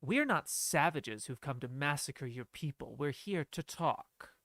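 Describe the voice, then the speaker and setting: Young male streamer, lively swooping delivery, slightly high, dry close sound, animated commentary. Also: a little slow, no echo. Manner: animated, laughing, quotes lines aloud. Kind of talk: casual film-commentary stream.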